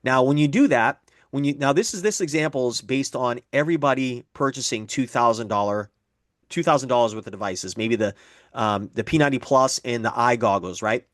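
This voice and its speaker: A man's slightly bright, medium-pitched voice carries a somewhat fast business presentation, recorded at studio quality with no echo. He breaks down figures step by step, repeats them, and role-plays sample conversations.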